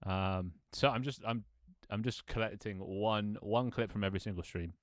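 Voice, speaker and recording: A man in his twenties talks through his stream in a loose, rambling way, laughing at himself and swearing now and then. His voice sits very low. The sound is dry and close, captured on a desk microphone. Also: normal speed, no room sound. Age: 20s. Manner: rambling, self-mocking, laughs often, swears casually. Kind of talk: casual live-stream chat.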